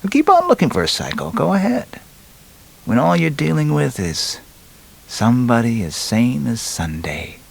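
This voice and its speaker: A man's voice: medium pitch, very animated, moderate pace, vocal fry, husky, pitched above the performer's own voice, exaggerated voice, rough recording. A man voicing a gleeful, sardonic male serial killer's inner thoughts, full of wisecracks. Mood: mocking. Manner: mocking, wisecracking inner monologue.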